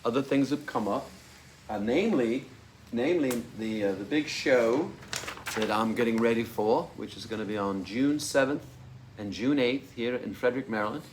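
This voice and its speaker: A man hosting his music channel, chatting casually to camera. He talks in an excitable way, with many fillers and restarts. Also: mid-range voice, normal speed, a little hiss or hum.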